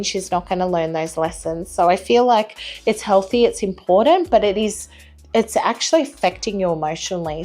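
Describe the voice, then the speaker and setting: Gentle woman doing live tarot. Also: mid-range voice. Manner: apologetic, reassuring, gently chatty. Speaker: tarot reader.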